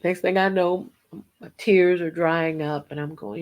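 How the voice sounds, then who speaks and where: Hosting a devotional program, this middle-aged Christian singer teaches in a slow, earnest way and sometimes sings bits of hymns. She has a fairly low pitch and a steady, darkish tone.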